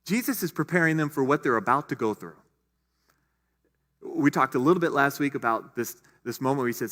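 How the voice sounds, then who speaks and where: Male pastor, middle-aged, mid-pitched, chatty sermon delivery, long church reverb. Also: fairly quick, a bit bright. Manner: conversational, with asides and restarts. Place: church sanctuary.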